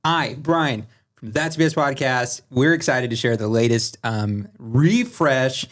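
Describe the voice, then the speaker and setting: A man hosting a podcast, chatting casually and doing a sponsor read full of fillers and pauses. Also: mid-range voice, a bit bright. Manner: halting, filler-heavy ad read. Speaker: podcast host.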